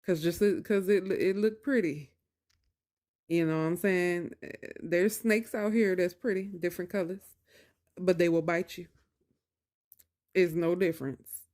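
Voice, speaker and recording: A woman hosting a podcast, telling a personal story in an animated, conversational way with drawn-out emphasis. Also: on the low side. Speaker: podcast host.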